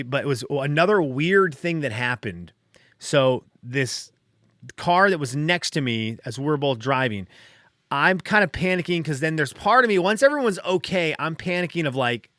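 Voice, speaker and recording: A man in middle age talks through his story on his podcast, still shaken and a bit dazed. His voice sits at an ordinary middle pitch, recorded dry and close with no room around it. He rambles and restarts, leaning on filler words as he goes. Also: a bit bright, dry recording. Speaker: podcast host. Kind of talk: casual personal storytelling.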